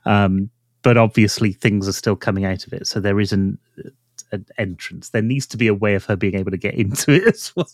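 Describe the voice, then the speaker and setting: A man's voice: lowish voice, fairly quick, no echo. A man co-hosting a casual podcast, talking through story ideas and restarting his phrases while he thinks. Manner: thinks aloud with restarts, trails off softly. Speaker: podcast co-host. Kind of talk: casual chat.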